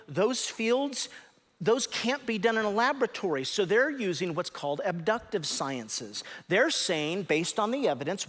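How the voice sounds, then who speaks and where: A man preaching a sermon as pastor, emphatic and animated, stressing words sharply and teaching his congregation. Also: high voice, in a large hall. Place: church sanctuary.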